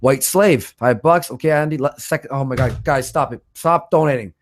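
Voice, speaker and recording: A man hosting a livestream, reading out donations in blunt, swear-heavy casual chat, with a stutter and a voice roughened by smoking. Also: mid-range voice, normal speed. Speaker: livestream host.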